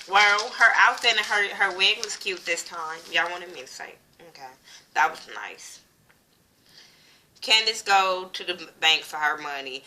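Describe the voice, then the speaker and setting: A woman's voice: fairly low pitch, background noise. A woman, giving a casual, profane recap of a TV episode and acting out the characters' lines as she goes. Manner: blunt, profane, animated retelling with quoted voices. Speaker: TV show reviewer.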